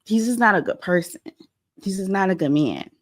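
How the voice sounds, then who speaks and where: A woman hosting a pop-culture show, giving animated, opinionated commentary on a clip and talking straight to her viewers. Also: mid-range voice, a little fast.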